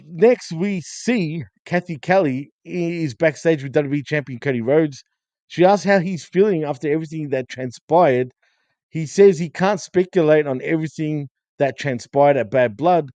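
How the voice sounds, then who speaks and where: A man co-hosting a casual wrestling review show, retelling events in steady, running detail. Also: on the high side, unhurried, dry recording. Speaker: co-host.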